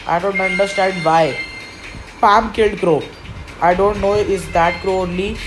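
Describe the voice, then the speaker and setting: A woman talks over her own match in a slow, unhurried way, grumbling and pleading as things go wrong. Her voice sits at a middle pitch, and game music plays clearly behind her. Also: steady tone, poor audio. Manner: frustrated, complaining, pleading. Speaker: gaming commentator. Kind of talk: live gameplay commentary.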